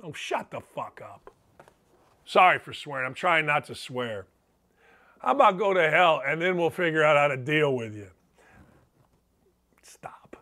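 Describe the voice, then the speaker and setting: A man's voice: a little high, sing-song, unhurried, pauses often, pushed and bright. A middle-aged man hosting a sports talk show, delivering a profane, sarcastic rant. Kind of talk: opinionated podcast monologue.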